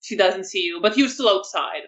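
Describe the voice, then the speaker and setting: A woman's voice: medium pitch, normal speed, a bit bright, highs cut off. A woman narrating as storyteller of a tabletop role-playing game, easygoing and hesitant with fillers.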